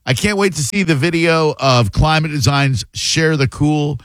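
A man's voice: a little high, normal speed, fairly bright tone, no echo. A man hosting a casual radio talk show, joking around loosely with a laugh in his voice, on a studio mic. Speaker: radio host.

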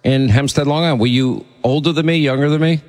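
A man hosting a call-in radio show, chatting briskly with a caller and cutting in to keep things moving. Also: on the high side, a little mellow, in a large hall. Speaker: radio talk show host.

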